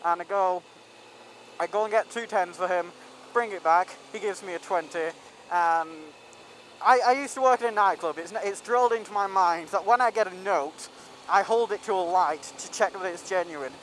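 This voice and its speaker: A man's voice: sits high, moderate pace, a bit bright, a little hiss or hum, poor audio. A young man telling a rambling story in a casual vlog, full of ums and restarts. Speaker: vlogger.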